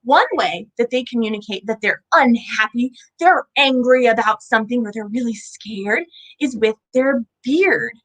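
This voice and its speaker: Cheery lady teaching little kids about lizards, sing-songy, kinda high voice, keeps asking questions. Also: normal speed, fairly bright tone, rough recording. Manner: bubbly, sing-song, asks children questions. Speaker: children's animal educator. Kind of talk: kids' lesson. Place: indoors at an animal center.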